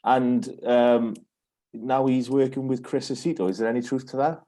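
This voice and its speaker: A man's voice: medium pitch, moderate pace, mellow. A man hosting a podcast, giving short reactions and reading out listener questions. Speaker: podcast host. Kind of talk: casual interview.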